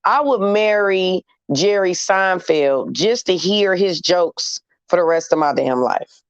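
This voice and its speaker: A woman's voice: fairly low pitch, lively intonation, slow, clear, resonant tone, no room sound, muffled recording. A woman hosting a casual chat with her audience, talking in a blunt, candid and slangy way. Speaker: host talking to viewers.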